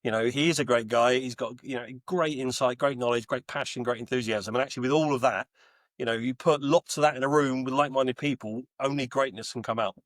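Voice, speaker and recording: A man's voice: medium pitch, quick pace, no room sound. A man in his forties who grew up in Texas, chatting as a podcast guest and telling stories with lots of fillers and restarts. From Texas, USA. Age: 40s. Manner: chatty, animated storyteller with many fillers and restarts. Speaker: guest, home Bitcoin miner. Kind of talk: casual interview chat.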